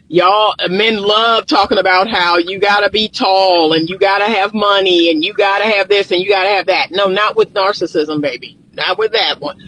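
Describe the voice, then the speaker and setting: A man's voice: high-pitched, fairly bright tone, poor audio. A male therapist with a groggy morning voice, recording himself outdoors on his phone and talking emphatically to his viewers. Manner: emphatic, repeats points, talks to viewers directly. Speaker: relationship therapist. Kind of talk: casual vlog commentary. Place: outdoors in the sun. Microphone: phone held or propped nearby.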